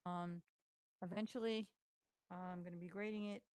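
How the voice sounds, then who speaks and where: A woman's voice: lowish voice, fairly even intonation, moderate pace, a little mellow, clean tone, no room sound. A tired woman teacher giving a casual recorded lesson, talking informally with lots of fillers. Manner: chatty, informal, many fillers.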